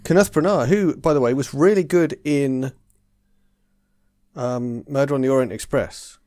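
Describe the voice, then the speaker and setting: A man's voice: medium pitch, normal speed, darkish tone, no room sound. A man from England co-hosting a podcast in casual chat, rambling and searching for words with many restarts. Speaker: podcast co-host.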